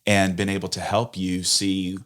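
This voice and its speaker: A man's voice: low voice, completely flat delivery, moderate pace, a bit bright. A man co-hosting a casual church podcast, reflecting thoughtfully and thinking aloud. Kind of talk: casual conversation.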